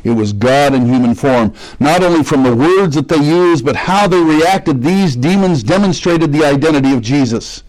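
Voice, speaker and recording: A man's voice: fairly high pitch, normal speed, few pauses, a little mellow, low-quality recording. Man preaching a conversational sermon. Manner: conversational teaching, asks the congregation questions. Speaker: pastor.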